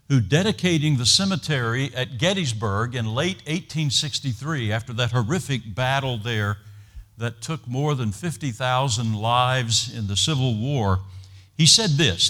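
A man preaching a sermon to his congregation in a measured, earnest way that builds in intensity. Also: medium pitch, a bit bright. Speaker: pastor.

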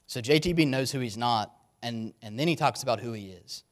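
Male preacher, medium-pitched voice, earnest and emphatic sermon delivery. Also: brisk. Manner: earnest, emphatic, repeats key words.

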